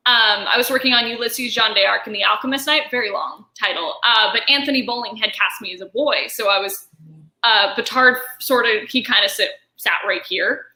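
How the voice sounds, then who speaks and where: Woman, Canadian accent, high bright voice, animated storytelling, echoey room. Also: moderate pace. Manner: animated storyteller acting out quoted dialogue. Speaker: voice actress guest. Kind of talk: casual interview chat.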